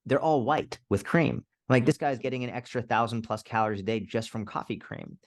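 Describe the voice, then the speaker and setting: A man in his thirties, a fitness coach, talking casually on a podcast and telling animated stories with frequent swearing. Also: medium pitch, brisk. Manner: animated storyteller, swears freely.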